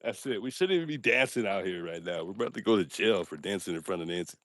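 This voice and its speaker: A man with a fairly low voice chats casually on a phone livestream from outdoors at night. He jokes around and makes fun of himself while speaking straight to his viewers. The sound is dry and close, with little room echo. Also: animated, quick pace, fairly bright tone. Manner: joking, self-mocking, talks straight to his chat. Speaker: livestream host.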